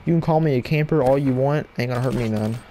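A man giving live gameplay commentary at his computer desk at home, excitable and yelling at opponents in bursts, on a cheap mic with no windscreen. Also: medium pitch, fast talker, a little hiss or hum. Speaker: gaming channel host. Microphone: cheap headset mic without windscreen.

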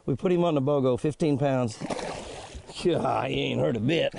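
An older man hosting a fishing show from a boat, talking in a folksy, chatty way and exclaiming loudly as fish strike. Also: mid-range voice, moderate pace, gravelly. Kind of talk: excited on-the-water commentary.

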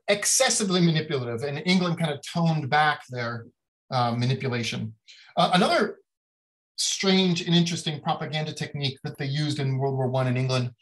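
A man's voice: fairly high pitch, poor audio. A man giving a casual academic lecture on design history, talking in a chatty way with many fillers and little acted-out quotes.

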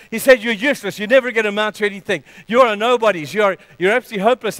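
A man's voice: high-pitched, a bit bright, smooth, dry recording, poor audio. A man preaching a sermon with dramatic delivery, acting out Bible scenes in quoted voices.

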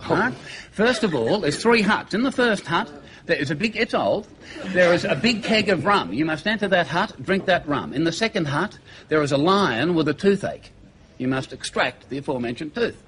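An Australian man telling jokes on a TV show, lively and full of character voices. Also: a little high, moderate pace. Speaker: comedian. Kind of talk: stand-up joke telling.

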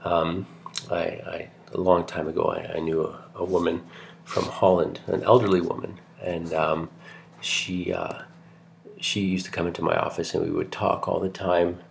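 A man's voice: low voice, level tone, moderate pace, creaky, a little hiss or hum. A middle-aged man from Canada giving a recorded lecture in a chatty, digressive way, full of fillers and restarts.

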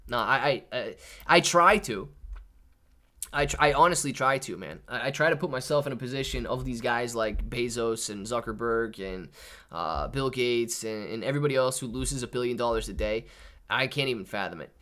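A man's voice: medium pitch, moderate pace. Young guy doing a live stream, chill and chatty, keeps saying man and dude. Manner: casual, reads chat names and shout-outs, says man and dude a lot. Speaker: livestream host. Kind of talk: live market stream chat.

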